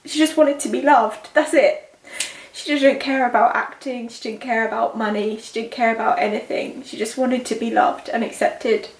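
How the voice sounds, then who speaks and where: Emotional woman, high voice, roomy echo. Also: steady tone. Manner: emotional, halting and rambling. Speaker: tarot reader. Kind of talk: channeled psychic tarot reading.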